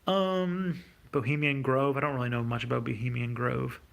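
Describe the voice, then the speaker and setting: Male streamer, gravelly voice, casual unscripted Q&A, hesitant and halting. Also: medium pitch, steady tone, fairly bright tone. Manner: hesitant, many fillers and restarts. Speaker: YouTube host. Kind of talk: livestream Q&A reading viewer questions.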